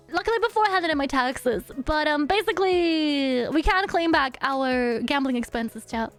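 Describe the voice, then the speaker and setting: A woman's voice: extremely high pitch, fairly bright tone. A woman streaming live, chatting casually with her viewers in a bubbly, silly way and humming nonsense syllables between remarks. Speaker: virtual streamer. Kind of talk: casual livestream chat with viewers.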